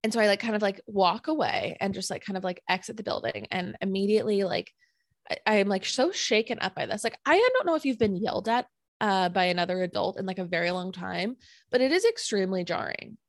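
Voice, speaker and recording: A young woman co-hosting a podcast, telling a story in a casual, animated way, full of fillers and acted-out quotes. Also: medium pitch, a little fast, creaky, dry recording. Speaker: podcast co-host.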